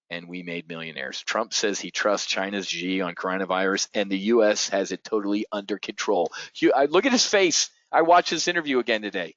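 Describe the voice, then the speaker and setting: A man hosts a live market show in a blunt, profane rant that swings from loud outbursts to low mutters. His voice is bone-dry with no room sound, and the stream audio is dull and lo-fi. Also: fairly quick, hardly any pauses, dry recording. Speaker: trading show host.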